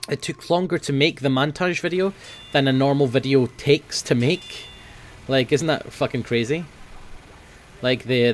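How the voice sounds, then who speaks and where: Lively, swearing young man gaming. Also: mid-range voice, slight background noise. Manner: swears often, grumbling and quick to flare up at teammates. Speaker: gaming video host. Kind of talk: casual gameplay commentary.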